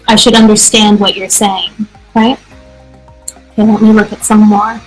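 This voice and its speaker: An American woman hosting a live English practice show, answering viewer questions in an energetic, chatty way. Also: medium pitch, normal speed, soft background music, rough recording. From United States. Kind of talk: casual live-stream teaching.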